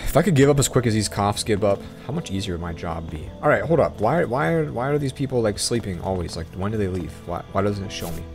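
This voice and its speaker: Young gaming YouTuber, slightly low voice, excitable rambling commentary, game music underneath. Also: male voice, fast talker, hardly any pauses. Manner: drops to hushed, whispery mutters while sneaking. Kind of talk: casual let's-play commentary.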